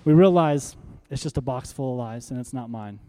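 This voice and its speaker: Faint music sits behind this pastor as he preaches, his voice warm and medium in pitch at a moderate pace. He draws the congregation into call-and-response and rises to emphatic, rallying high points.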